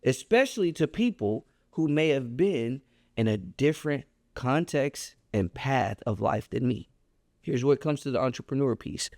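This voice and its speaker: A man telling a personal story on a podcast, animated and emphatic in a casual, colloquial way. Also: dry recording, clean studio sound. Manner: animated, emphatic storyteller with a wide pitch swing; casual and colloquial, reflective when making his point.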